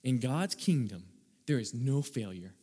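A man preaching a sermon as pastor, animated, acting out little scenes and laughing at his own jokes. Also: medium pitch, a little slow, breathy edge. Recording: long hall reverb.

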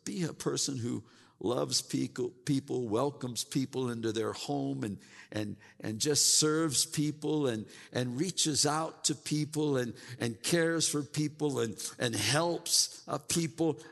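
A man's voice: medium pitch, slow, gravelly, fairly bright tone, in a large hall. A man preaching a sermon as pastor, often repeating words and stumbling into restarts as he builds his point. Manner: repeats words, mimics grumbling churchgoers.

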